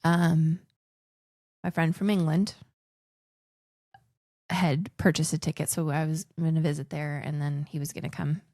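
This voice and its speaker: A woman's voice: low voice, little pitch movement, a little slow, pauses often, dark tone, dry recording, clean studio sound. A woman in her forties, raised in the Philippines, telling personal stories as a podcast guest in a chatty way, often restarting her sentences. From grew up in the Philippines. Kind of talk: casual conversational storytelling.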